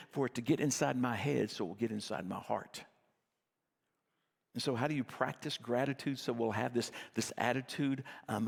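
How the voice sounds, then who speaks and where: A man's voice: medium pitch, creaky, in a large hall. A middle-aged man preaching a sermon as pastor, telling stories in a conversational, self-deprecating way.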